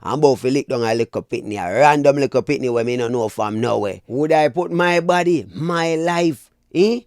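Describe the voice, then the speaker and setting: Speaking at a moderate pace with a medium pitch, a Jamaican-accented vlogger addresses his audience directly in clean studio sound, free of room sound. His commentary is opinionated, animated, and preachy, and he calls his viewers "people".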